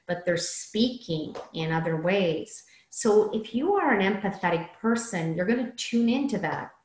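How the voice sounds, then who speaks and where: A middle-aged woman speaks as a coach, loose and conversational, full of fillers and sudden stresses. Her voice sits on the low side, and the room around her rings with echo. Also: slight background noise. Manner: conversational, many fillers, varied emphasis. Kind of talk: talk on empathy habits.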